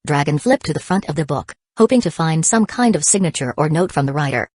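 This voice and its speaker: A woman narrates an audiobook in a steady, even reading voice. Her pitch sits low for a woman. The sound is dry and close, with no room echo. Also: quick pace, few pauses, husky. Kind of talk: scripted narration.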